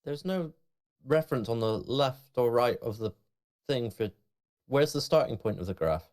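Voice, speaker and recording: A man's voice: mid-range voice, animated, normal speed, darkish tone. A man from southwest England, chatting on a podcast in an easygoing, joking way with plenty of fillers. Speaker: podcast co-host. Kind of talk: casual chat.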